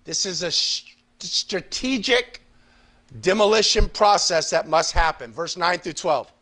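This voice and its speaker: A man preaching a Bible study sermon, reading scripture aloud and swinging from quiet confiding asides to fervent, pleading outbursts. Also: unhurried. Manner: rises into fervent shouted pleading, then drops low. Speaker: pastor.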